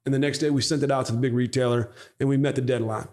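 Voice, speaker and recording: A man telling a story in a casual podcast interview, speaking at a middle pitch. He is animated and curses freely. He acts out the things people said to him. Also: fast. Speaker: podcast guest, company founder.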